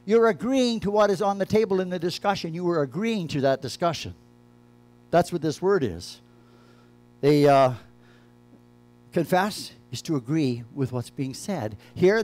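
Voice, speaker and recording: A man preaches a sermon as his church's pastor, speaking loosely with frequent restarts and repeated phrases as he moves between quiet asides and emphatic points. His voice sits high and is expressive and unhurried, with frequent pauses and soft background music.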